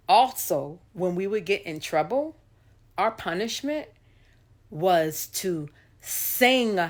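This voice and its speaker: A woman singer telling a story to her viewers in a casual, chatty way, acting out the voices of the people in it. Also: medium pitch.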